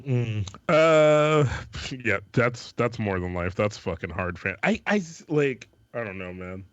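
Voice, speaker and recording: A man hosting a podcast in casual chat, playful, with swearing and loud exclamations. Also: mid-range voice, very animated, measured pace, no room sound, dull audio. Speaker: podcast host.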